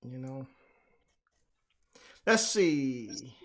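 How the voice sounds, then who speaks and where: A man hosting a live stream, chatting loudly and laughing while he draws at a desk mic. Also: medium pitch, very animated, very slow. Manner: loud, laughing, talks while drawing. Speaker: streamer host. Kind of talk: casual chat. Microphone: desk mic with gain turned up.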